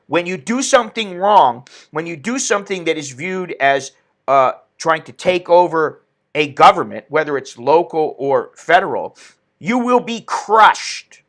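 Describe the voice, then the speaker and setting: His voice sits high with a fairly bright tone as he hosts an opinionated political commentary stream. The man rants indignantly and reads viewer comments out loud.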